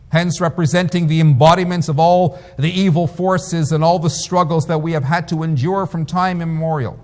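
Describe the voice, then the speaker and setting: A rabbi delivering a sermon, telling stories with emphatic, lively delivery. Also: male voice, fairly high pitch. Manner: storytelling, emphatic. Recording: long reverb.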